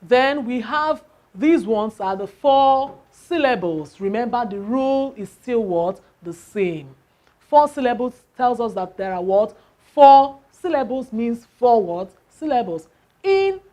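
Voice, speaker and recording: A woman's voice: fairly high pitch, expressive, unhurried, warm tone. A woman teaching a lesson on word stress, spelling out letters and asking the class rhetorical questions.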